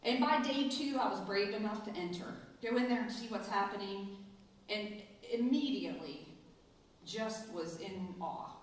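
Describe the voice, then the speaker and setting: A middle-aged woman, a school administrator, telling a personal story in a ceremony speech and acting out the quoted lines with lively voices. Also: medium pitch, unhurried. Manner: storytelling, animated in quoted asides. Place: large echoey hall. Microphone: distant from the mic. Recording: echoey hall, voice from far off.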